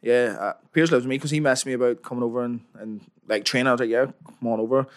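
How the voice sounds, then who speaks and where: Belfast man, podcast guest, relaxed chatty answers. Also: mid-range voice, fast talker, smooth. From Belfast, born in London. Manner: easygoing, chatty, agreeable. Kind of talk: casual interview answers.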